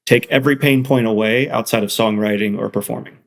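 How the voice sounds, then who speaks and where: Gravelly, rambling man guest. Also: lowish voice, fast talker. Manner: rambling, restarts, excited asides. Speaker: guest, software founder. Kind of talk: casual interview chat.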